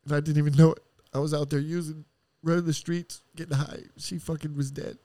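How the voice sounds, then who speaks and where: A middle-aged man, a podcast guest, telling a painful personal story in a raw, profane and heartfelt way, with sighs and halting restarts. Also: a little high, flat delivery, warm tone, no echo.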